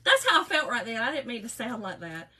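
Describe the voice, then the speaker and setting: A woman's voice: a little high, big pitch swings, quick pace, sharp tone, slightly rough, rough recording. A middle-aged woman, hosting a casual craft livestream in a folksy, chatty way and greeting viewers by name.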